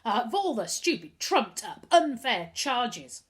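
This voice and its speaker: A woman's voice: mid-range voice, sing-song, normal speed, close to an everyday voice. A woman reading aloud and voicing a hot-tempered, scornful boy who protects his younger brother, speaking sulkily and indignantly. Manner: indignant, sulky.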